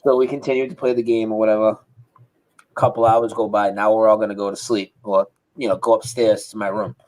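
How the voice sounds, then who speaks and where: A man's voice: fairly low pitch, brisk, poor audio. A man telling a story over a video call. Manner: animated, imitates sounds, swears freely. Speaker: interview guest. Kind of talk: casual storytelling.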